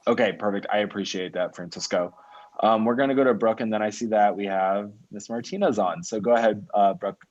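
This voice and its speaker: Man, meeting chair on a video call. Low voice, dull lo-fi sound. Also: a little fast. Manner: relaxed, conversational, directs speakers by name. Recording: muffled lo-fi call audio.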